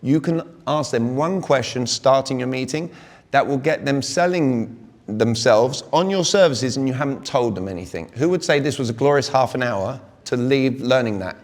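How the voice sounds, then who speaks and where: A British man in his forties giving an energetic live sales talk at a conference, constantly quizzing the audience. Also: medium pitch, normal speed. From Britain. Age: 40s. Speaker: conference speaker. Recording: long reverb of a big hall.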